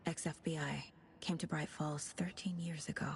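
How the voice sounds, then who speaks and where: A composed woman FBI profiler from a video game. She reasons aloud in a measured, analytical way, her lowish voice carrying a gravelly edge. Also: fairly even intonation, slight background noise.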